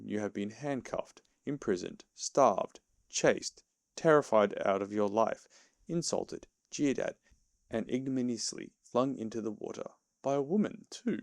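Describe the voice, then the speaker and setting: A man's voice: lowish voice, creaky, darkish tone, no room sound. Sensible storybook rat, stern and reproachful, as a man with a dry, close voice puts him on. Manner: lecturing, serious and reproachful. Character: sensible stern male water rat friend.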